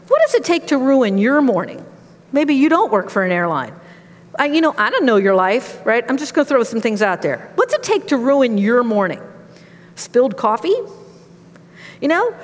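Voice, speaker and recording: Middle-aged woman preacher, slightly high voice, chatty storytelling sermon, long hall reverb. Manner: conversational storytelling, animated. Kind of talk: sermon with personal stories.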